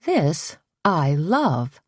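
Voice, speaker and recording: A teasing, confiding stylist paying a playful compliment, voiced by a woman reading the story. The voice is low and slow. The recording is dry. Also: very animated, no echo, full character voice. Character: charming man stylist, teasing.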